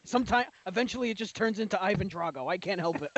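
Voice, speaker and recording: A man's voice: high voice, animated, fast, dry recording, highs cut off. A man co-hosting a wrestling watch-along, dropping wry jokey asides. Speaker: podcast co-host. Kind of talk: casual watch-along commentary.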